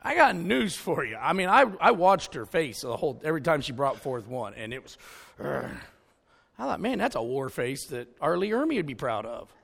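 A man preaching a sermon full of stories and jokes, with an animated, jokey delivery. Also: fairly high pitch, fairly quick, gravelly, hardly any pauses. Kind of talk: storytelling sermon.

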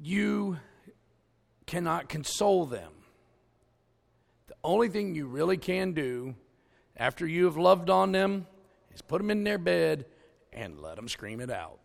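A man preaching a sermon full of stories and jokes, with an animated, jokey delivery. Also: fairly high pitch, measured pace, creaky, pauses often. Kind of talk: storytelling sermon.

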